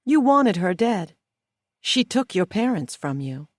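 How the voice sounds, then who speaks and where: A woman voicing a smug, cold female schemer who speaks calmly and condescendingly. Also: medium pitch, no echo, studio quality, pitched above the performer's own voice. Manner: calm, slow and condescending.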